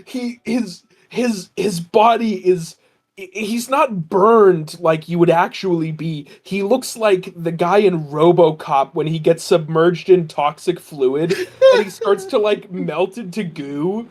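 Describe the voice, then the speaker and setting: A person in casual chat on a group call, telling a wild dream as an excited, laughing story with quick impressions. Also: medium pitch. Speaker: game creator.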